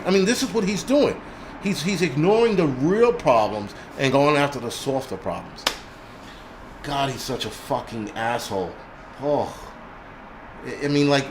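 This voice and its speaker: A man's voice: on the high side, slight background noise. A man hosting a live stream, delivering an angry, profane rant full of mocking impressions. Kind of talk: profane ranting monologue.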